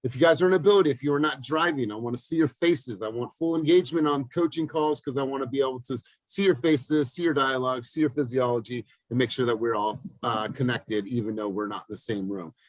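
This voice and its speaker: A man's voice: mid-range voice, quick pace, few pauses, no echo, rough recording. Upbeat male coach on a dry call. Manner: energetic storytelling with lively acted-out quotes. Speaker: business coach. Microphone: video call.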